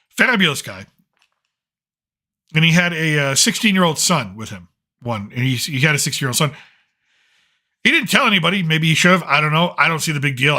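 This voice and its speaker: A man hosts a casual late-night monologue, telling rambling anecdotes that drift from point to point. His voice is bright and forceful at a middling pitch. He keeps reining himself back in with filler like "so anyways". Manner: rambling, digressive storytelling with frequent "so anyways". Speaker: host.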